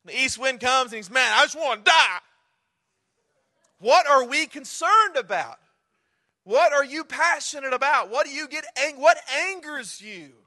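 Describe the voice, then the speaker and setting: A man's voice: extremely high pitch, lively intonation, normal speed, sharp tone. A man preaching a sermon, conversational and humorous with earnest, impassioned stretches. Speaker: pastor.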